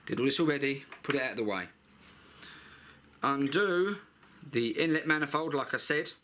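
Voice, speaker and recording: A man's voice: medium pitch, normal speed, sharp tone, slight background noise. A middle-aged man with a blunt, chatty manner, talking through a scooter repair in a workshop and swearing freely. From United Kingdom. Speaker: mechanic vlogger. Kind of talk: casual repair tutorial.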